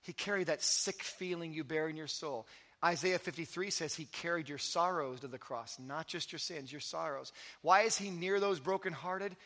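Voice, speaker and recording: A man preaching a sermon as pastor, telling stories with energy and then dropping to soft, intimate emphasis. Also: a little high, normal speed. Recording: long hall reverb.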